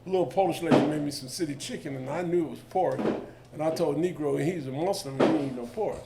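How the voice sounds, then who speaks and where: A man, speaking on a discussion panel in an animated, colloquial storytelling way that jumps into the voices of the people in his stories. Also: a little high, fast, over loud music. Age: 70s.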